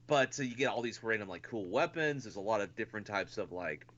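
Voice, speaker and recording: A man's voice: fairly low pitch, lively intonation, fast, fairly bright tone. A man co-hosting a podcast in casual chat, rambling with lots of "and stuff" fillers. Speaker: podcast co-host. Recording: dull lo-fi podcast audio.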